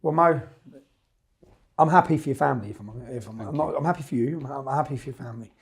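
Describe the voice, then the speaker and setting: A man interviewing a guest in a casual way, telling stories briskly and acting out what others said. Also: mid-range voice, vocal fry. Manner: brisk, animated retelling with acted quotes.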